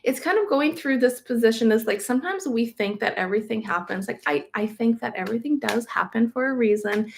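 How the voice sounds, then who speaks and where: A woman giving a live-stream tarot reading, gentle and reassuring, rambling with many fillers, her voice crackling. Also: a little high, animated, fairly quick, creaky, few pauses. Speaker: tarot reader.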